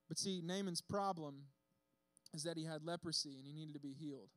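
A man delivers a sermon in a relaxed, conversational way, bouncing into acted-out voices for the people in the story. His voice sits high for a man, and the sound is dry and close with little room echo. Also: a little fast. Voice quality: bearded speaker. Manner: casual, animated storytelling with acted-out quotes. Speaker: preacher.

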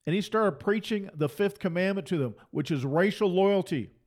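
A man delivers a fiery sermon. His voice sits fairly high, and he drives each point home by repeating it with emphasis. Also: moderate pace, darkish tone. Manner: emphatic, repeats phrases for force. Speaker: preacher.

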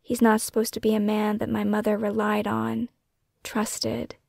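Woman narrating her memoir, very gravelly vocal fry, dry close recording, hushed, slips into whispers. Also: mid-range voice, completely flat delivery, brisk, dry recording. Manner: hushed, often dropping into a breathy whisper. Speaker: author and podcast host. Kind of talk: scripted first-person memoir narration.

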